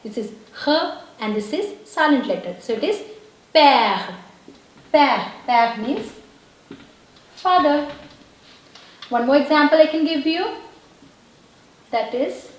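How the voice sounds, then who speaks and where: A woman's voice: high-pitched, animated, a little slow, long pauses, very echoey, low-quality recording. A woman teaching a language lesson, patiently explaining and repeating words and checking in with her viewers. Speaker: French teacher.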